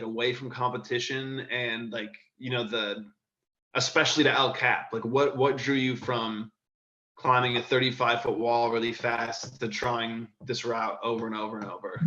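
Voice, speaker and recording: A man's voice: mid-range voice, fairly bright tone. A man interviewing a guest, asking long, hesitant, rambling questions. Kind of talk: casual interview. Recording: dull echoey room.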